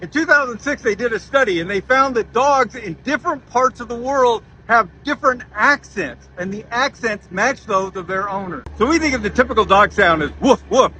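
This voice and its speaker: Bright, high-voiced man telling a story. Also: expressive, normal speed, hardly any pauses, a little hiss or hum, poor audio. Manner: chatty, explains facts in a conversational way. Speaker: vlogger. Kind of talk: casual storytelling to camera.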